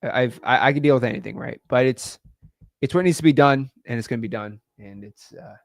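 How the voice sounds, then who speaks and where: A young man hosting a live stream, talking emotionally and haltingly, repeating words and sighing. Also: medium pitch, vocal fry, dry recording, studio quality. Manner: halting, repeats words, sighs, swings between loud and quiet.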